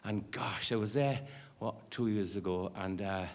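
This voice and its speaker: A man's voice: on the low side, a little slow, vocal fry. A Welsh man telling rambling anecdotes between songs on a concert stage, with frequent restarts. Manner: chatty, rambling, restarts often. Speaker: singer and storyteller on stage. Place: concert stage before an audience. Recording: live hall reverb with music.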